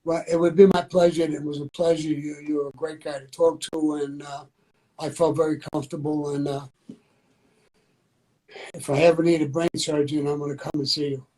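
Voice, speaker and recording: Older blunt New man, mellow voice. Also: fairly high pitch, flat delivery, brisk, poor audio. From New York. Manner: blunt, repetitive, conversational. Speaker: interview guest. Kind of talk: candid interview talk.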